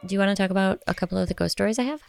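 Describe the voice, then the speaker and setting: A woman's voice: medium pitch, racing, gravelly. A woman co-hosting a podcast in casual chat, teasing and laughing often. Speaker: podcast co-host.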